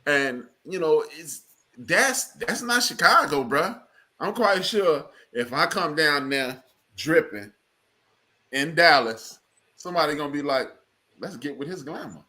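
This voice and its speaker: A man guesting on a casual podcast chat, with a sharp, very bright tone that swings up and down a lot. He argues his point in emphatic street slang and keeps pushing back. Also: on the high side, animated, slow.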